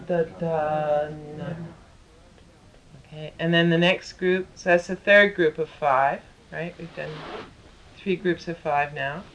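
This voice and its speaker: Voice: medium pitch, dull audio. A teacher giving a patient, step-by-step pronunciation lesson, spelling out syllables and chanting them in rhythmic sequences.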